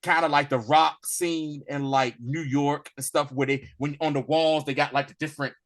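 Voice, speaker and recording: Man, fairly high voice, casual podcast review chat, animated, acts out scenes. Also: moderate pace. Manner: animated, acts out movie lines in a raised voice. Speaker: podcast co-host.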